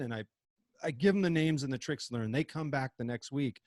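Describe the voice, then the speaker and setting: A man's voice: medium pitch, fairly quick, dry recording, clean studio sound. A man co-hosting an interview, chatting casually and laughing along. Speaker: co-host.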